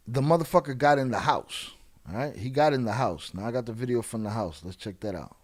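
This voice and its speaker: A man's voice: mid-range voice, expressive, brisk. A man hosting a live show, giving casual, profane commentary in street slang on crime videos. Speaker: host.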